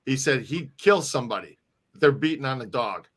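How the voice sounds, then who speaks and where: A man's voice: mid-range voice, expressive, normal speed, a bit bright. A middle-aged man co-hosting a casual live-stream chat, rambling and often restarting his sentences. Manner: rambling, restarts and repeats words. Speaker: podcast co-host.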